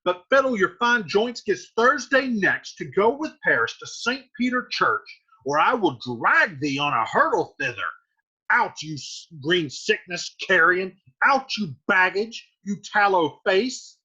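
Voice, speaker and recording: A man's voice: on the high side, lively intonation, measured pace, sharp tone, slightly rough, full character voice. A man voicing an enraged, domineering middle-aged father, reading the lines and then paraphrasing them. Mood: angry. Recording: dull lo-fi recording.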